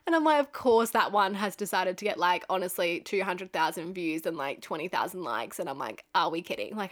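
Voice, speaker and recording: A woman's voice: mid-range voice, a bit bright. A young Australian woman in her twenties hosting a podcast, telling a story in a chatty way, swearing freely and laughing often. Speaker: podcast host. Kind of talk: casual storytelling monologue.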